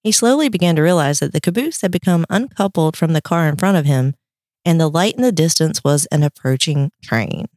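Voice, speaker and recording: Low-ish woman from North Carolina, podcast storyteller, dry close sound. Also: animated, brisk, a little mellow, no echo. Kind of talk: casual chat, telling a legend.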